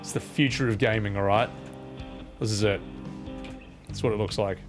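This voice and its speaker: A man's voice: on the low side, fairly even intonation, moderate pace, over loud music. A young man streaming a game, rambling and joking at himself in casual commentary. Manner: rambling, jokey, self-mocking.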